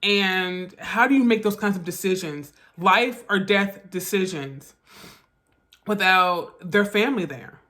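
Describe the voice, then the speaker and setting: A woman vlogger telling a personal story, halting and emotional, with restarts and quick bursts that trail off softly. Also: mid-range voice. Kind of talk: storytime vlog.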